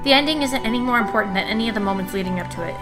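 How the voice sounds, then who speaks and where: A woman commenting as she plays a story game, chatty and thoughtful with quick asides. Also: on the high side, lively intonation, music in the background. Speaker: let's play gamer.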